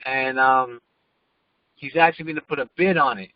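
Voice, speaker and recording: A man's voice: medium pitch, moderate pace, lo-fi sound. A man from New York with a New York accent calls in with a question, a bit hesitant and unsure. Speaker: caller. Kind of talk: casual call-in question.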